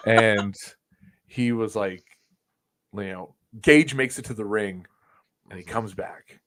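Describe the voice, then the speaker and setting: Animated, profane young man telling a story. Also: on the low side, measured pace, pauses often. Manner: animated, profane, acts out quotes loudly. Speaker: podcast co-host. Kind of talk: casual chat, storytelling.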